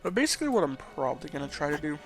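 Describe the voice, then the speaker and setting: A man giving soft-spoken, rambling let's play commentary at home at night, with game music behind. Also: fairly high pitch, sing-song, racing.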